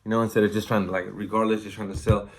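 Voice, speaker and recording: A man's voice: fairly low pitch, flat delivery, very fast. A salesman talking casually and loosely, full of fillers, as he gives advice on sales. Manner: conversational, loose, heavy on fillers. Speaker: inside salesman.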